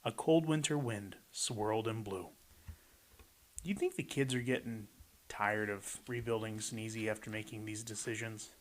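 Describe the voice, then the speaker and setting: A man with a lowish voice reads a rhyming picture book aloud at a moderate pace, adding playful commentary between pages. There's slight background noise behind his chatty read-aloud.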